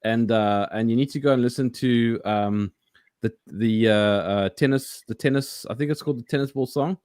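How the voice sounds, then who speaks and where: A man chatting casually, telling animated stories with many restarts and laughs. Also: mid-range voice, moderate pace, clean tone, dry recording, studio quality. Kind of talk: casual chat.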